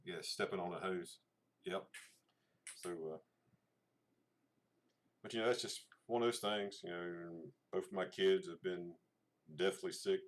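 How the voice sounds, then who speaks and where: A man's voice: low-pitched, steady tone, unhurried, long pauses. A middle-aged man, chatting casually to a livestream audience, rambling with many fillers and restarts. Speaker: channel host. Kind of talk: casual livestream chat showing photos.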